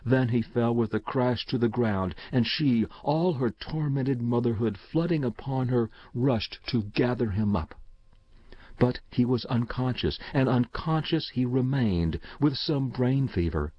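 A man reading a story aloud as narrator in a measured, steady way. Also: medium pitch, dry recording. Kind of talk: audiobook reading. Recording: slightly dull dry recording.

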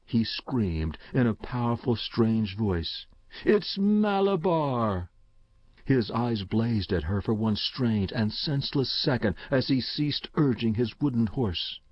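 A man narrates a story aloud in a measured, unhurried way. His voice sits low. The recording is dry and slightly dull. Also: slightly rough, no room sound. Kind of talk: audiobook reading.

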